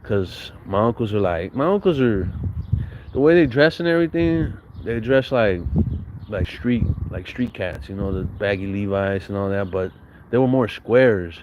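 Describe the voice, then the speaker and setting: A man with a lowish voice tells a loose, rambling story. His talk is full of street slang and swearing, and he often restarts a thought midway. The delivery stays relaxed and conversational throughout. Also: normal speed, lo-fi sound, background noise. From San Bernardino, Southern California. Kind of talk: casual storytelling.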